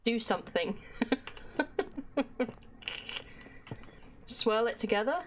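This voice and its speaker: A woman's voice: mid-range voice, normal speed, a little hiss or hum. A woman livestreaming a game, chatting casually to her viewers and reading the in-game notes and letters aloud. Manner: chatty, talks to her chat and reacts as she plays.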